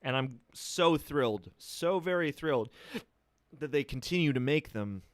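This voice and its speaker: A man's voice: medium pitch, expressive, measured pace, dry recording, studio quality. A man in his forties co-hosting a casual live stream, chatty and joking as he reads viewer messages aloud. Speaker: co-host reading chat messages.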